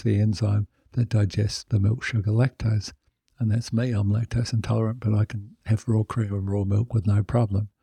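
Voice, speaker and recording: A man's voice: on the low side, vocal fry, warm tone, slightly rough, no echo. A male podcast host in a chatty monologue, joking and self-mocking as he speaks into a close studio mic. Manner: chatty, self-mocking, fond of puns and jokes.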